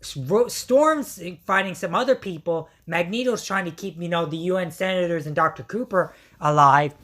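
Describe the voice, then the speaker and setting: Excited woman with a strained voice. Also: fairly low pitch, normal speed. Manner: excitable, many fillers and slang. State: voice strained from yelling. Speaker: reviewer. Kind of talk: excited casual episode recap.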